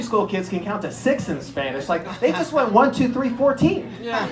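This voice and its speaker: A man doing an animated stand-up comedy set, telling stories with incredulous acted-out bits. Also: high-pitched, measured pace, a crowd in the background. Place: comedy stage before a live audience. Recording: echoey room.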